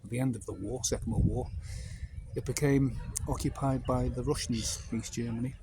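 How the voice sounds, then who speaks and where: A man's voice: medium pitch, steady tone, moderate pace, background noise. A man in his fifties from North Wales with a North Welsh accent, telling casual anecdotes in a meandering, digressive way.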